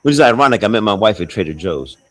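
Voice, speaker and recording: Casting: blunt, foul-mouthed man, casual chat, lively pitch swings, lots of restarts. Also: fast talker, rough recording. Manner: blunt, profane, rambling with many restarts. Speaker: expat talking on a livestream call. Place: abroad, with faint outdoor sounds behind.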